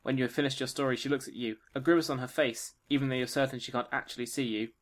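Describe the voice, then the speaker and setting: A man's voice: mid-range voice, fairly even intonation, racing. A man narrating a tabletop role-playing game as game master, joking and laughing often.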